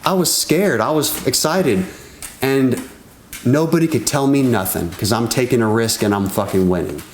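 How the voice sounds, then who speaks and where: A man vlogging, telling a story to camera in a casual, excitable way, swearing freely and calling his viewers "guys". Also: mid-range voice, normal speed, roomy sound, a little hiss or hum. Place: outdoors at sunrise.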